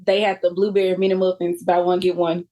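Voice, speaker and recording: A woman co-hosting a podcast, teasing with quick comebacks. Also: fairly low pitch, flat delivery, mellow. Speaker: podcast co-host. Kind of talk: casual banter.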